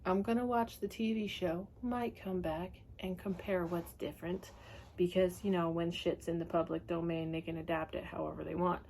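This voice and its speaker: A woman's voice: lowish voice, fairly even intonation, normal speed, creaky, a little mellow, slight background noise. Sweary, chatty woman ranting about a book. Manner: sweary, chatty, laughing often. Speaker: book reviewer. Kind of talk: casual ranting book review.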